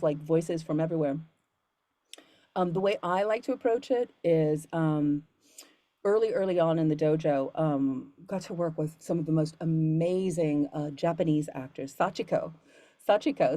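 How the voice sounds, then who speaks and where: Earnest woman voiceover coach, low voice. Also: dark tone, dry recording. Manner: earnest, rambling, many fillers and restarts. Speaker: voiceover coach and studio founder. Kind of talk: casual Q&A talk to students.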